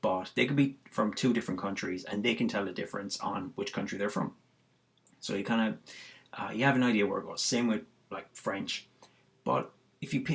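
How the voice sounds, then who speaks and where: Rambling Irish man with a lowish voice. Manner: rambling, heavy on fillers and restarts. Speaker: vlogger. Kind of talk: casual musing monologue.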